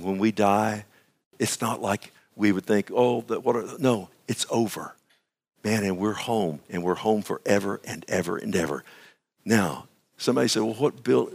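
A male pastor giving a radio sermon, fervent and emphatic, often turning to his listeners with "amen?" and "listen". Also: fairly low pitch.

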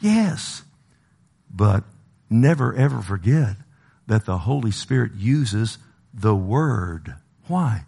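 A man preaching a sermon with passion, swinging from loud exhortation to low, slow emphasis and calling out to the congregation. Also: big pitch swings, vocal fry, husky.

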